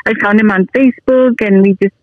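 A woman's voice: mid-range voice, steady tone, fairly quick, no echo, phone-quality sound. A woman in her forties, a guest telling stories in a casual chat and laughing easily. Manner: chatty storyteller, laughs easily.

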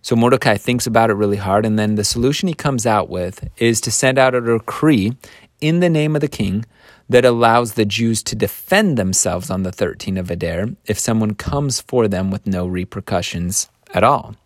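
A man telling a Bible story in a casual, animated way, with chuckling asides. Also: on the low side, moderate pace, dry recording, studio quality.

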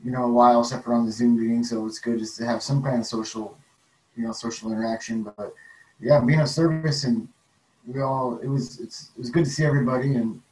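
A man co-hosting a podcast, chatting in an easygoing, rambling way with halting restarts. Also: medium pitch, dark tone, reverberant, poor audio. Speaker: podcast co-host. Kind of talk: casual chat.

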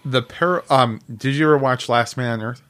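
A man's voice: medium pitch, moderate pace, a bit bright. A man co-hosting a podcast, joking around in casual chat. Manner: playful and joking. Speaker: podcast co-host.

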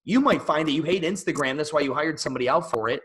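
A man's voice: a little high, quick pace, a bit bright, poor audio. A man hosting a casual podcast chat, talking bluntly and opinionated with frequent swearing.

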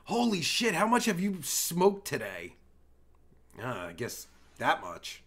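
A man hosting a livestream, trolling strangers on video chat in a crude, mocking way with loud bursts of laughter. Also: high-pitched, wildly swooping pitch, measured pace. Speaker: livestream host.

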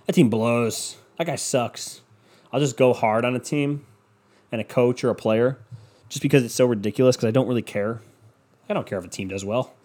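A young man riffing alone on his podcast, loose and profane, with sarcastic tangents that wander off and circle back. His voice sits at an ordinary, middle pitch. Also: a little mellow. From Cleveland. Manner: scatterbrained, profane, sarcastic ranting. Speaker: podcast host. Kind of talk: rambling solo podcast monologue. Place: home room with windows open.

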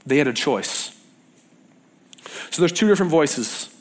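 A young man delivers a sermon to a young adult group. His voice sits slightly high, and he acts out the lines he quotes as he tells his stories. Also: expressive, a little slow.

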